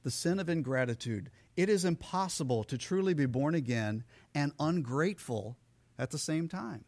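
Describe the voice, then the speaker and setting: A male pastor preaches with animated, theatrical energy and acts out the characters in his stories. His voice sits a little above the usual male range. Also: a little high, moderate pace. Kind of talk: sermon.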